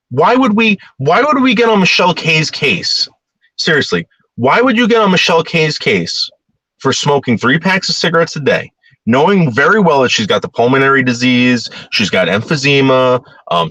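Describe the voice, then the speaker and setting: A man of middle pitch talks in a loose, rambling monologue, restarting words and getting more heated. His voice swings widely up and down. The sound is close and dry, with no room echo. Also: husky. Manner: rambling and animated, repeats words, grows heated. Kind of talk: casual monologue.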